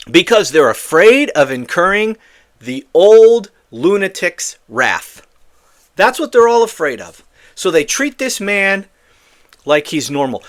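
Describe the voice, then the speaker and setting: A man hosting a political commentary show, ranting in a heated, exasperated and profane way. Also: high-pitched.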